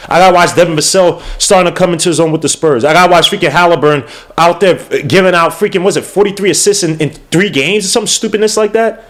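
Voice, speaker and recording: High-voiced man ranting on a podcast. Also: fast talker. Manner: heated, exasperated ranting with slang and repeats. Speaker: podcast host. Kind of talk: casual livestream podcast rant.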